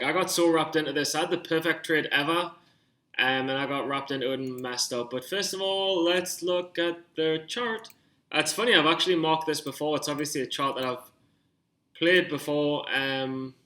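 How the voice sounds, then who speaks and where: A young man talking through his stock trades on screen, rambling and getting excited, swearing when worked up. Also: fairly high pitch. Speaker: stock trading vlogger. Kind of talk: casual screen-share commentary.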